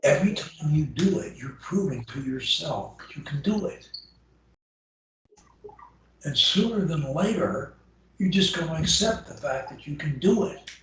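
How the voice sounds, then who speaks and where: A man's voice: fairly high pitch, expressive, a little slow, pauses often, fairly bright tone, slight background noise. A man coaching a client over a video call, emphatic and encouraging, repeating phrases for emphasis. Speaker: stuttering coach. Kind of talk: one-on-one coaching session. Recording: very echoey room, heard from a distance.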